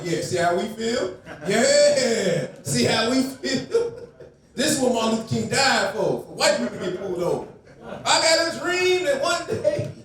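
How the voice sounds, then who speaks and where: A man doing a crude, crowd-baiting stand-up set on a comedy club stage. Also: high-pitched. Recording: echoey room, from a distance.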